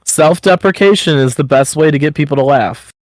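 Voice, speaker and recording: A man's voice: on the high side, brisk, dry recording, poor audio. Blunt, swearing podcast co-host man. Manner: blunt, swearing, gives pep-talk advice. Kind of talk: casual podcast chat.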